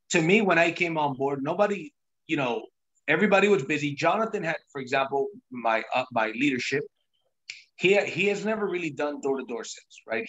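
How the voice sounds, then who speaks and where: A man's voice: mid-range voice, fairly bright tone. A man hosting a sales team call, telling his own story in an emphatic, pushy, repetitive way. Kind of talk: motivational sales talk on a call.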